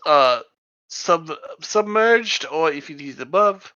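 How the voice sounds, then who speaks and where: Tabletop player, male, bright and jokey, dull dry mic sound. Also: a little high, expressive, takes it slowly. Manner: joking, teasing. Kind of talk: casual chat at a tabletop game.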